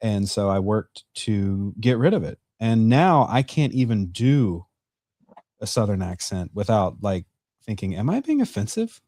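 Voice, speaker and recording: A man from North Carolina, a guest on a casual livestream chat, telling stories in a relaxed way and laughing often. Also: on the low side, a little slow, no room sound. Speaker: guest co-host.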